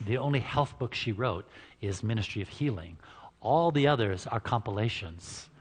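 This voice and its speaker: A man's voice: fairly low pitch, lively intonation, moderate pace, breathy edge. A man giving an informal, joking talk at a church health seminar, chatting with the audience and laughing at his own lines. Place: church hall before an audience. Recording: reverberant church hall.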